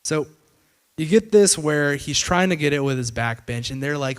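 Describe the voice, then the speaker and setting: A man's voice: fairly high pitch, animated, normal speed, clear, resonant tone. Man giving a casual explainer. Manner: conversational, retells events with "he's like" and paraphrased quotes; frequent fillers and loose restarts. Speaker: presenter explaining politics. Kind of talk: casual explanatory video commentary.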